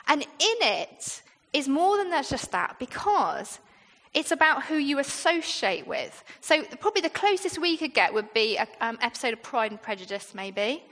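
A British woman with a high, light voice gives a sermon in a chatty, down-to-earth way, turning to the congregation with rhetorical questions. Her voice rings out with a long reverb, as in a large church hall. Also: big pitch swings, normal speed, fairly bright tone. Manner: conversational, with frequent rhetorical questions. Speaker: preacher.

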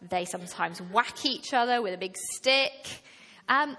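A woman preaching a sermon to her church, slow and deliberate, rising to emphatic passages. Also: medium pitch, bright, forceful tone. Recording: long reverb of a hall.

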